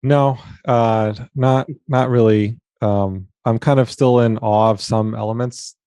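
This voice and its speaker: Mellow-voiced relaxed man. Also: medium pitch, a little slow, smooth, no room sound, studio quality. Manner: relaxed, thinks aloud with many "right?" tags. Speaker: guest. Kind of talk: casual business chat.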